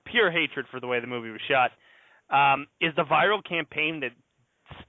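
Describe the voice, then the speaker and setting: Teasing male panelist, mid pitch, dry phone-like audio. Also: expressive, moderate pace, dry recording. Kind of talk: casual movie discussion. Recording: dry, tinny phone-like sound.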